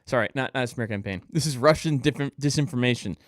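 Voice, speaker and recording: A man's voice: medium pitch, fast talker, no room sound, clean studio sound. A man co-hosting a casual podcast, ranting with heavy swearing and frequent laughter. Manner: ranting, profane, laughs often. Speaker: podcast co-host. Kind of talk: casual chat.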